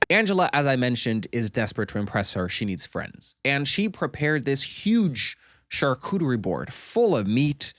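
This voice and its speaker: A man's voice: mid-range voice, sing-song, normal speed, a bit bright, no room sound, clean studio sound. A man casually recapping a comedy movie, laughing often and swearing freely as he animatedly retells scenes. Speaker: movie reviewer.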